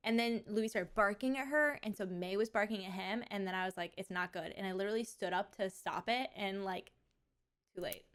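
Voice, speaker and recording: A young woman streamer telling stories in casual chat, with lively quoted asides. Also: mid-range voice, fairly quick. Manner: chatty storytelling, animated quoted asides.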